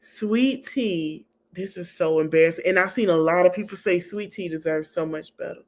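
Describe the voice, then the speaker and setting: A woman hosting a podcast, recapping a reality TV reunion in a sassy, animated gossip style that keeps breaking into laughter. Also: lowish voice, moderate pace. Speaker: podcast host.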